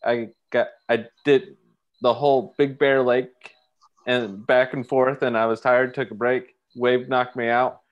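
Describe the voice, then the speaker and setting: A man's voice: medium pitch, level tone, measured pace. A man from Orange County, California, telling a rambling anecdote with many fillers on a casual group call. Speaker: podcast guest. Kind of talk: casual chat. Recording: dull lo-fi call audio.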